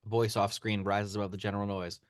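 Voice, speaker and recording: A man reading a screenplay's action lines aloud as narrator, in steady read-aloud narration. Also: on the low side, quick pace, dry recording, clean studio sound. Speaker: narrator of stage directions.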